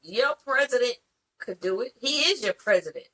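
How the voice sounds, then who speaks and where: A woman co-hosting a podcast with a lively, swooping delivery and a bright, forceful tone. She talks bluntly and drops profanity easily, telling stories in a loose, casual chat. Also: a little high, normal speed, poor audio. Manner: blunt, profane, animated storytelling. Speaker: podcast co-host.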